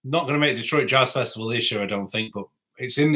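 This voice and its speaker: A man's voice: mid-range voice, fast, pushed and bright. A man hosting a rambling live stream, chatting and answering viewer comments. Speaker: saxophonist and YouTuber host. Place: home music room.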